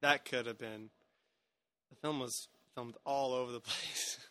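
A man's voice: mid-range voice, steady tone, a little slow, sharp tone, no echo. A man hosting a podcast, chatting casually about a film with many restarts and hedges. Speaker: podcast host.

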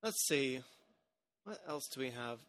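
A man's voice: medium pitch, expressive, unhurried, a bit bright. A man hosting a podcast, chatting casually about a film with many restarts and hedges. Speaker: podcast host.

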